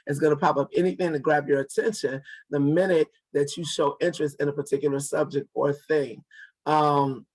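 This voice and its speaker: A man's voice: on the high side, fairly even intonation, fairly quick, a little mellow, slightly rough. A man in his forties, an author and guest, telling a story casually and acting out the dialogue with many restarts. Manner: acts out quoted dialogue, repeats and restarts words.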